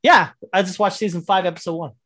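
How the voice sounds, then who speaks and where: A speaker in casual chat about TV shows. The voice is excitable, laughs often, swears, and acts out the scenes. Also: medium pitch, fast.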